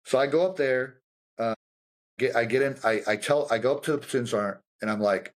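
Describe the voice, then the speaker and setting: A young adult man, a combat veteran guest, telling war stories in a loose, profane, animated way, acting out the people he quotes. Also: medium pitch, a little fast. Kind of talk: casual storytelling conversation.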